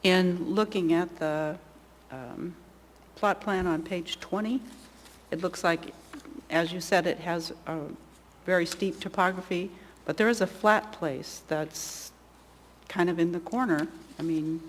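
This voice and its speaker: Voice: mid-range voice, steady tone, measured pace, in a large hall, a little hiss or hum. A board chair running a public hearing, speaking hesitantly with many restarts.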